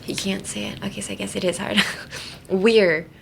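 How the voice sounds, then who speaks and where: A woman hosts a relaxed podcast lesson, talking as if to a friend. She rambles, restarts and fills pauses as she goes, her pitch sitting right in the middle. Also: creaky, slight background noise. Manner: chatty and rambling, many fillers and self-corrections. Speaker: podcast host teaching English through anime. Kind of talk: casual English lesson chat.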